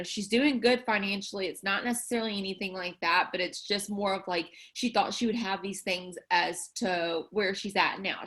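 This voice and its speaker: A woman's voice: medium pitch, fairly bright tone. Brief: young woman, earnest devotional talk, chatty with filler words, video call sound. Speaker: team leader hosting a prayer call. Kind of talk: casual devotional talk, reading aloud.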